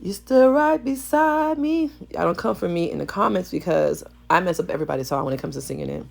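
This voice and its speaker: A woman hair stylist with a gravelly morning voice, chatting playfully to viewers in a salon vlog. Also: low-pitched, very fast. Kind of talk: casual voice-over vlog chat. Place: salon suite.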